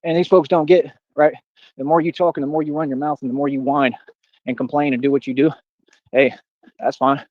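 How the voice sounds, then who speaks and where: A man rants at high speed in a boastful, confrontational livestream monologue, firing challenges at his critics. His voice sits a little high. The audio is dry, dull and lo-fi, like replayed stream sound. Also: fairly even intonation, a little fast, no echo. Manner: boastful, confrontational, repeats "what are you talking about".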